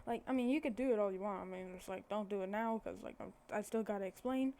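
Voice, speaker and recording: A woman's voice: mid-range voice, quick pace, mellow. A woman casually telling a made-up fan story, rambling and correcting herself as she goes. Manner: rambling, self-correcting, many fillers.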